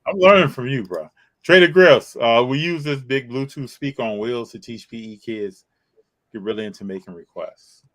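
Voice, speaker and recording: A man from Chicago co-hosting a casual live-stream chat, animated and reading out viewer comments. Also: mid-range voice, normal speed. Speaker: co-host.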